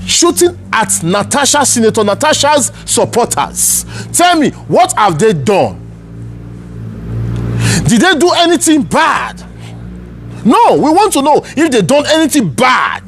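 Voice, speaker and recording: A man's voice: extremely high pitch, wildly swooping pitch, unhurried, soft background music. A man with a Nigerian accent giving heated, angry political commentary, ranting and repeating himself. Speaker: online news commentator.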